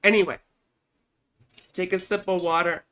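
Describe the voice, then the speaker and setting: A woman with a lowish, fairly bright voice speaks at normal speed in a steady tone. She's an astrologer hosting a casual livestream from home, rambling and chatty, peppering her explanations with little check-ins like "you see" and "right."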